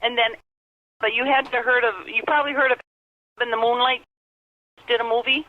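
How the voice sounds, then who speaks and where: A woman's voice: fairly high pitch, fairly even intonation, a little fast, no room sound. A middle-aged woman from Upper Michigan calling in, telling a long story in a rambling, earnest way with many restarts. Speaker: caller telling an encounter story. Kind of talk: rambling phone testimony. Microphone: telephone. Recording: phone line.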